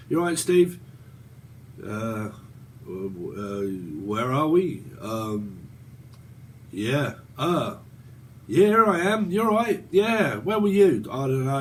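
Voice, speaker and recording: A man's voice: medium pitch, lively intonation, slow, slight background noise. A man in his forties with a British accent, giving a rambling, profane tarot reading and laughing often. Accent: British English. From Britain. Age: 40s. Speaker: tarot reader. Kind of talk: casual tarot reading monologue.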